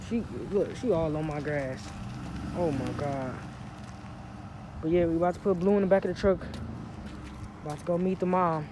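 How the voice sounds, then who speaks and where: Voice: mid-range voice, moderate pace, long pauses. Joking vlogger in a noisy outdoors. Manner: joking, playful, slangy. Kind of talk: casual vlog talking to camera. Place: outdoors in sun, near a truck.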